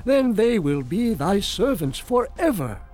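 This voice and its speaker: An actor playing a wise elder counselor speaking earnestly in a dramatized scripture reading. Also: male voice, sits high, very animated, unhurried, darkish tone, faint music behind, exaggerated voice. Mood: advising.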